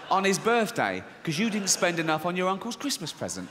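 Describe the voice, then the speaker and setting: A middle-aged man doing stand-up comedy, deadpan and swearing, acting out squeaky voices in a theater. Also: fairly quick, few pauses, big-room sound, heavy background noise. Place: large theater with audience. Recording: live theater, audience laughter.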